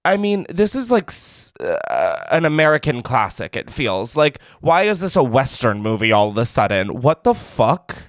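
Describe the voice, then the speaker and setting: A man's voice: mid-range voice, sing-song, moderate pace, few pauses, no room sound, clean studio sound. A man hosting a call-in podcast, joking and swearing in disbelief, often breaking into laughs. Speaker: podcast host. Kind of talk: casual call-in chat.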